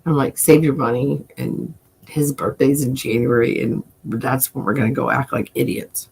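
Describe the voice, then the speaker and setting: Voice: mid-range voice, steady tone, moderate pace, vocal fry, a little mellow, slightly rough. An adult livestream host and self-described coin nerd, chatting casually with viewers in a rambling way, swearing often and chuckling.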